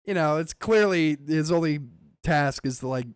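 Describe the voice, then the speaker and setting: Male podcast host, casual and profane, slightly high voice. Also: normal speed, clear, resonant tone, no room sound. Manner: animated, swearing, acts out movie lines. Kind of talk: casual chat.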